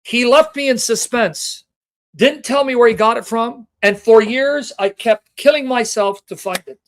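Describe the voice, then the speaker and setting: An extremely high-pitched, fairly bright voice carries this livestream Bible teaching at a measured pace, with a little hiss or hum in the background. The host is passionate and emotional, addressing viewers directly, reading scripture references and asking rhetorical questions.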